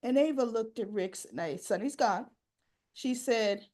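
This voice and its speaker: A woman's voice: a little high, a little slow. A woman recapping a soap opera episode, casually retelling each scene and acting out the characters' lines. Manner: animated, acts out the lines.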